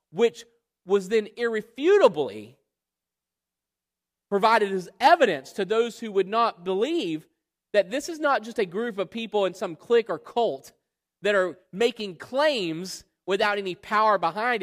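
Male preacher, high voice, emphatic expository style, long hall reverb. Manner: emphatic, rhetorical questions, drawn-out stresses. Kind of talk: expository Bible sermon.

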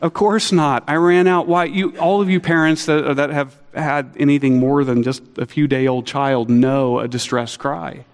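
A middle-aged man preaching a sermon, earnest and animated, acting out quotes with a lifted voice. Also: normal speed, few pauses. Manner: earnest, animated, acts out quotes with rising pitch. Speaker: pastor. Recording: long hall reverb.

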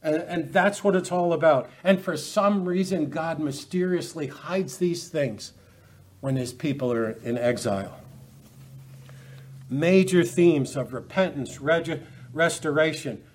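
A man's voice: on the high side, measured pace. A man teaching a Bible study lecture, earnest and emphatic, often restarting his phrases.

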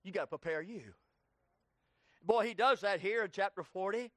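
A man preaching a sermon with passion, swinging between shouting and hushed pleading and piling up rapid lists. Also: sits high, no room sound.

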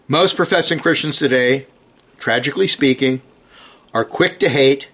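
Preaching in an emphatic, earnest way, this man drives each point home with brief repeated commands, and his scripture reading is slow with mounting stress. He has a mid-range voice and a fairly bright tone.

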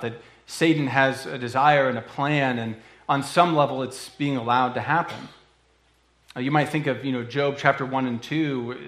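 A man preaching a sermon in an earnest, conversational way, often pausing with fillers. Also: mid-range voice, fairly bright tone, reverberant. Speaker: pastor.

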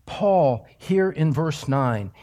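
A middle-aged man preaching a sermon as pastor, emphatic, swinging from loud exclamations to hushed near-whispers. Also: on the high side, animated, very slow.

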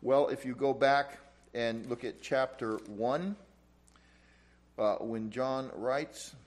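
A man's voice: medium pitch, takes it slowly. A man preaching an expository Bible teaching, reading verses aloud and explaining them emphatically. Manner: emphatic, rising loud on quoted scripture.

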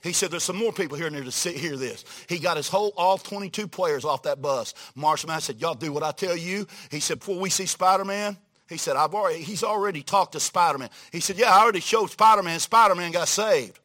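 A man with a high, bright, ringing voice preaches a storytelling sermon to a church congregation at a quick pace. His folksy, animated delivery sinks low for quoted lines and climbs to loud, emphatic exclamations.

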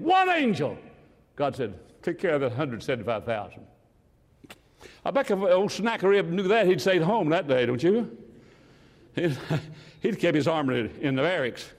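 Animated husky older male preacher. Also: fairly high pitch, long reverb tail. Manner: animated, swings from loud to hushed. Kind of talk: sermon.

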